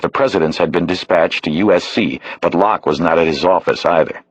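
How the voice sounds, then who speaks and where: Male audiobook narrator, steady, very low and husky, dry booth. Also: fairly quick, no room sound, rough recording. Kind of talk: scripted narration.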